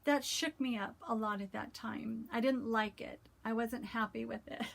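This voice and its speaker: A woman vlogger reading scripture and talking it through in a casual, heartfelt way, pausing often with "um". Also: a little high, steady tone, creaky. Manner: earnest, heartfelt, many "um" pauses. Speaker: cross-stitch vlogger.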